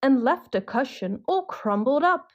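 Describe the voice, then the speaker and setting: A big gruff father bear from a cartoon storybook, as a woman reads him out. He sounds heavy and growling, with a fairly high voice and a slow, unhurried delivery. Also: lively intonation, highs cut off. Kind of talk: storybook reading.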